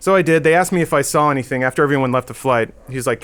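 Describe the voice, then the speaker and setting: A man's voice: mid-range voice, racing, clear, resonant tone. Man animatedly telling a story on a podcast. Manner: animated, acts out the people in his story. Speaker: podcast regular. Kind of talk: casual anecdote storytelling.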